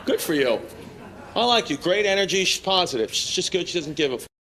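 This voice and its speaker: A man's voice: sits high, sing-song, fairly quick. A man doing teasing, brash crowd work as a stand-up comedian on a club stage, laughing along at his own jokes. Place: club stage with live audience. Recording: live club audio with crowd and noise. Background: audience laughter.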